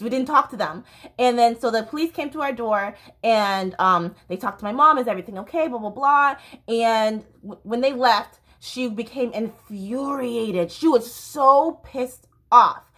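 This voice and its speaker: A woman's voice: on the high side, fairly bright tone. A woman in her thirties, a dance teacher, telling personal stories in a candid, rambling way, full of fillers and restarts. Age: 30s. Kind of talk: personal storytelling vlog.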